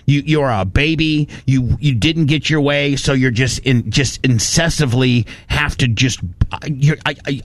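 A man hosts a talk radio show, telling his story in a lively, ranting way. His voice sits at a mid pitch. The sound is close and dry, caught on a studio mic. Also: unhurried, hardly any pauses, no room sound. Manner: animated storytelling, ranting, profane. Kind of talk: casual studio chat.

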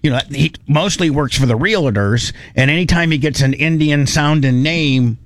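A man's voice: a little high, moderate pace. A man hosting a podcast in loose, rambling casual chat. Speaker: podcast host.

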